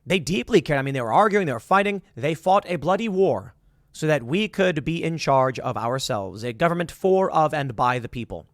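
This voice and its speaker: A man's voice: a little high, normal speed, no room sound, studio quality. A man hosting a political commentary show, talking in a sarcastic monologue and mocking the people he quotes. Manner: animated, sarcastic, acts out quotes in mocking voices.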